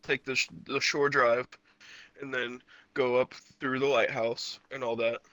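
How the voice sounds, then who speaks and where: Young man, bright tense voice, dry recording, teasing, laid-back podcast co-host. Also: mid-range voice, little pitch movement, unhurried, no echo, poor audio. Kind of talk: casual storytelling.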